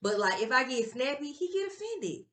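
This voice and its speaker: A woman with a somewhat high voice chats candidly as a podcast co-host. She swears freely and acts out the back-and-forth. The room is echoey. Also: big pitch swings, normal speed, fairly bright tone. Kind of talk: casual chat.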